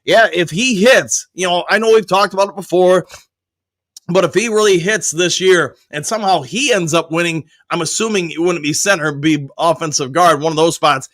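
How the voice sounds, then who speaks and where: Upbeat high-voiced male sports host. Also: moderate pace, a bit bright, no room sound. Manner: upbeat, reads viewer comments aloud and answers them; loose and conversational, with frequent restarts and fillers. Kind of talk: live-stream sports chat.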